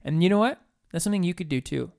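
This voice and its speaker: A man's voice: high-pitched, expressive, rapid-fire, creaky, a little mellow, clear, resonant tone. A man co-hosting a casual podcast, jokey and laughing often, playing up being stressed. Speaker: podcast co-host. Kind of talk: casual chat.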